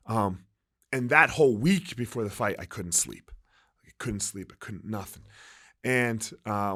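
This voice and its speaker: A man's voice: medium pitch, fairly bright tone. A man in his forties, a former fighter and gym owner, telling stories candidly and emphatically in an interview, swearing freely and often asking "right?". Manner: profane, emphatic, frequent "right?" and "like".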